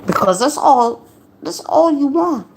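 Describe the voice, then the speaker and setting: A woman losing her voice, livestreaming a casual personal talk in a slow, confiding way with preachy asides. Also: high voice, animated, vocal fry, darkish tone, a little hiss or hum. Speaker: livestream host.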